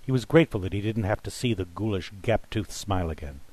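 A man reading a story aloud in steady, measured scripted narration. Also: lowish voice. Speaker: audiobook narrator.

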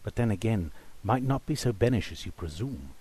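A man voicing a suspicious, educated gentleman who speaks formally and precisely. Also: on the low side, animated, a little fast, husky. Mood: accusing. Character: educated, sharp-witted gentleman, male, suspicious.

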